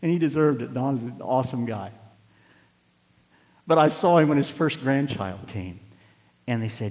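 An older male pastor preaches in a folksy storytelling manner, now and then rising into loud, emphatic preaching. His voice sits at a middle pitch, and the long reverb of a large hall trails after each phrase. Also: normal speed. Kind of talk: sermon.

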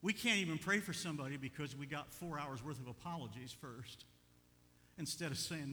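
Older male pastor, bright forceful voice, animated sermon delivery, church reverb. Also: on the high side, brisk. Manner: animated, swings from quiet asides to loud urging.

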